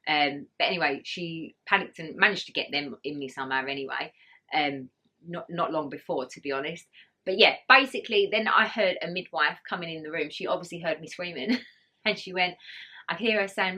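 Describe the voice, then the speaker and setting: Bright-voiced woman telling a birth story. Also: lowish voice, brisk. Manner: chatty, laughing, acts out quoted voices. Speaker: vlogger. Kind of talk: casual birth story vlog.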